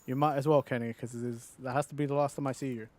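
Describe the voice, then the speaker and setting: A man in his thirties chatting loosely while he streams a game. He rambles and mocks himself, swears freely and laughs a lot. His pitch sits in an ordinary middle range. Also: steady tone, quick pace, a little mellow. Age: 30s. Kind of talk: casual live-stream chat.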